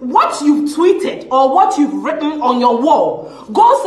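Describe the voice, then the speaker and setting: A woman's voice: high-pitched, big pitch swings, slow, darkish tone, echoey room. A woman with a Ghanaian English accent, an activist ranting on a social media video in an impassioned, confrontational way and mixing in Twi phrases. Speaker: activist campaigner.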